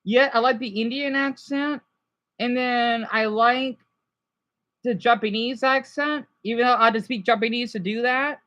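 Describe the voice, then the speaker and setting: A woman's voice: fairly high pitch, fairly even intonation, moderate pace, fairly bright tone. A woman streamer chatting casually over clips, rambling with many restarts.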